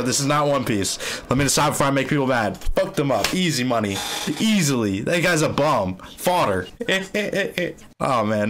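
A young man hosting an anime reaction video. He is excitable and slangy, swears freely and gets openly emotional. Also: medium pitch, slight background noise. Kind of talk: live reaction commentary.

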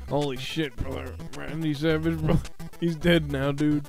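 A man's voice: a little high, steady tone, measured pace, gravelly, a little mellow, soft background music. A man voicing a boastful, broke, aging male pro wrestler for comedic gameplay commentary, swearing often, chuckling and calling everyone brother or dude. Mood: cocky rambling. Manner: tacks brother or dude onto nearly every phrase.

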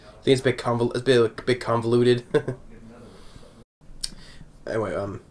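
A man's voice: mid-range voice, fairly even intonation, moderate pace, a little mellow. A man recapping an anime episode in a casual, rambling way, chuckling often between thoughts. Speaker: anime reviewer.

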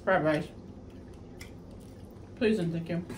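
A woman's voice: fairly low pitch, slow pace. A woman hosting a casual eating show, chatting to viewers as she eats and murmuring over the food. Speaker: mukbang channel host. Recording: distant mic with faint noise.

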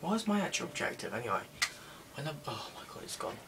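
A man's voice: on the high side, big pitch swings, fast, creaky, background noise. A young man commenting on a game he is playing, muttering and grumbling in an unenthusiastic way. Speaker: gaming video creator. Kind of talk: casual gameplay commentary. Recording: distant mic with music behind.

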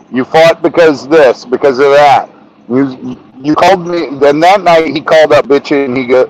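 A man's voice: mid-range voice, a little hiss or hum, rough recording. A man guest on a podcast, telling casual stories about a friend with swearing and laughter. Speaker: podcast guest, reptile keeper. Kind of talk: casual storytelling.

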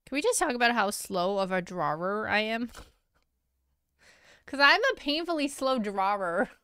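A woman streaming as an artist, chatting casually with viewers while she draws, self-deprecating and quick to laugh, on a close mic. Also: medium pitch, expressive, sharp tone, smooth, no echo.

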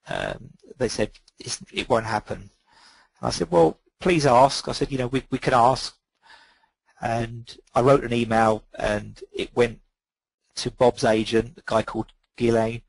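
A man's voice: mid-range voice, gravelly, slightly rough, dry recording, low-quality recording. A middle-aged man, a photographer guest on a webinar call, telling rambling anecdotes full of ums and quoted dialogue. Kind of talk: relaxed anecdotal storytelling.

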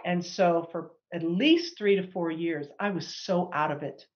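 A middle-aged woman sharing a personal healing testimony as a guest, animated and acting out the people she quotes. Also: lowish voice, measured pace, lo-fi sound. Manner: animated, acts out quoted dialogue.

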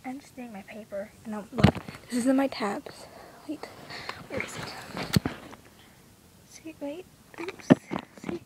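A woman's voice: high voice, animated, unhurried, long pauses, heavy background noise. A fourteen-year-old girl vlogging from her bedroom, breathless and giddy, often dropping into whispers. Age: teens. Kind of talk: excited fangirl vlog. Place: bedroom at home.

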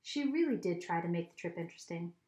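A woman reading a children's novel aloud at home, with steady, expressive storytelling. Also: fairly low pitch, fast talker. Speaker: reader. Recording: echoey room.

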